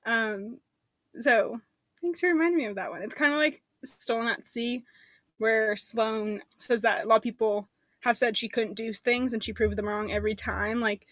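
A woman's voice: on the high side, normal speed, a bit bright, no echo. A woman author chatting casually on a podcast, upbeat and chatty. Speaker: author guest.

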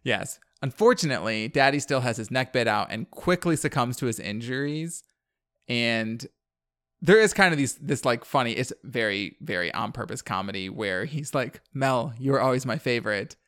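A man hosts a podcast in a loose, chatty way. He rambles through a story, filling gaps with "like" and chuckling as he goes. His voice sits at an ordinary middle pitch. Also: lively intonation, normal speed, a bit bright. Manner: rambling, heavy use of "like", laughs at his own recap. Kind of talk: casual chat recapping a movie.

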